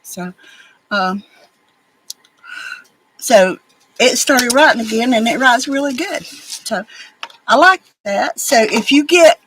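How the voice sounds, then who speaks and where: A rambling, folksy woman with a drawl chats casually while she crafts at home. Her voice sits a little high, and a faint hiss runs behind it. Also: lively intonation, takes it slowly, long pauses, a bit bright, low-quality recording. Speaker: crafting vlogger.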